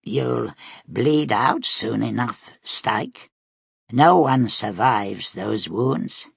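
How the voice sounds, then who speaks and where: A man's voice: medium pitch, lively intonation, very slow, gravelly, breathy edge, no room sound, studio quality, full character voice. A male audiobook narrator voicing a ruthless possessed man who barks orders and then turns coaxing. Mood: cold.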